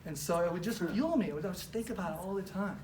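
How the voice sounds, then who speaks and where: A woman giving an animated, casual storytelling talk with lots of fillers, speaking as a presenter at a business training. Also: on the low side, very fast. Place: event room with a live audience. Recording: roomy, distant mic, faint background noise.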